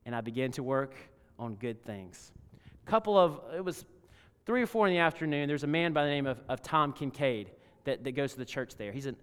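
A man preaching a sermon as pastor, telling a story and swinging between loud emphasis and hushed tones. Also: mid-range voice, clean tone. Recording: long reverb of a large hall.

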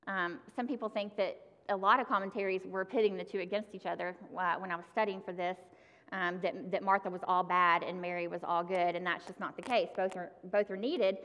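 A woman's voice: on the low side, fairly even intonation, brisk, fairly bright tone, lo-fi sound. A woman giving a sermon, talking to the congregation in a conversational way and addressing them directly. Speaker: preacher. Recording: long hall reverb.

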